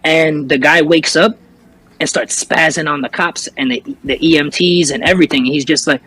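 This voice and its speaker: A man's voice: a little high, fairly even intonation, normal speed, a bit bright, a little hiss or hum, poor audio. A young man, a guest on an interview show, telling a personal story casually with lots of fillers and restarts. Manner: rambling, many fillers and restarts. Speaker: interview guest, recording artist and streamer.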